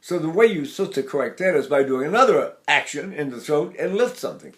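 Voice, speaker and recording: A man's voice: fairly high pitch, lively intonation, brisk. Older man teaching vocal technique. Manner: demonstrates vowels and sounds mid-explanation. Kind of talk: vocal technique lesson with sung demonstrations.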